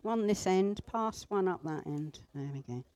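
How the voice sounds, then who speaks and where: A woman teaching a group how to pray, gentle and instructive, with pauses. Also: fairly low pitch, expressive, no echo. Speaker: church group leader. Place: indoor room with a group at tables.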